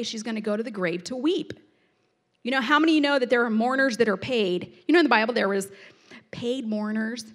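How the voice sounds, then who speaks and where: A woman teaching a Bible passage in a chatty, animated way, reading verses aloud and explaining them with personal asides. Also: high voice. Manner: reads scripture aloud then explains it.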